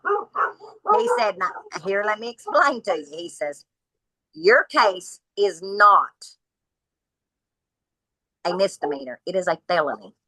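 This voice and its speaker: A woman's voice: mid-range voice, slow pace, long pauses, no echo, poor audio. A woman, a podcast guest telling her story from home, bluntly acting out what each person said. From Kentucky. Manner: blunt, animated retelling of dialogue.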